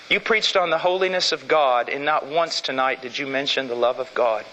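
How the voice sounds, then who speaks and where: A middle-aged man preaching a sermon in a church, emphatic, swinging from loud declarations to hushed, intense passages. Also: on the high side, a little fast, muffled recording. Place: church sanctuary. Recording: long church reverb.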